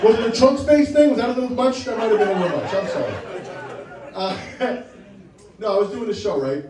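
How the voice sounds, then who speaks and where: A man with a high voice delivers stand-up in short, punchy beats, teasing and checking in with "right?". The sound is roomy and echoey, and the mic is a bit far from him. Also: a little fast, a crowd in the background. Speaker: stand-up comedian. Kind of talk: stand-up set.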